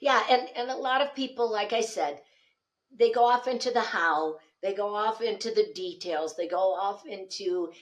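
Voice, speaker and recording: A woman speaking coach, a guest on a podcast, telling animated stories and acting out the dialogue. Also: mid-range voice, moderate pace. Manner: animated storyteller, acts out quoted dialogue. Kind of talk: lively podcast conversation.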